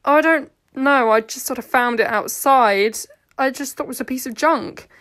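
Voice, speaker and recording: A woman's voice: sits high, moderate pace, a bit bright. A woman voicing a wary, sarcastic young woman with a Geordie accent, in a fan audio drama reading. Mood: wry. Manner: sarcastic, uneasy.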